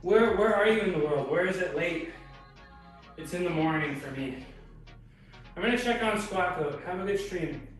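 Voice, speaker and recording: A man's voice: high voice, normal speed, pauses often, heavy reverb, recorded from a distance, soft background music, low-quality recording. Breathless, laid-back man streaming from his garage. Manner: laid-back, chatty, greets viewers by name. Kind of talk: casual chat with live chat while lifting. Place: home garage gym.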